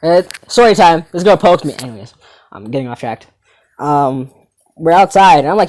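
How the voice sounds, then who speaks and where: A teenage comedy host tells a story in a casual, rambling way, sometimes getting sidetracked. The delivery is animated and loose, with casual swearing. The voice sits at an average pitch. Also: moderate pace.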